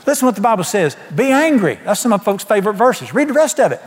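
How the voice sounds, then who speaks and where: A man's voice: sits high, very animated, rapid-fire, husky, in a large hall. An older man preaching a folksy, emphatic sermon, asking the congregation questions. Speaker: pastor.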